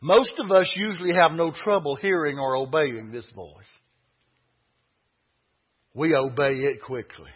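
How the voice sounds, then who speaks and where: A man preaching a sermon, folksy and emphatic, building to loud peaks. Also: on the high side, unhurried, long pauses, slightly rough, lo-fi sound.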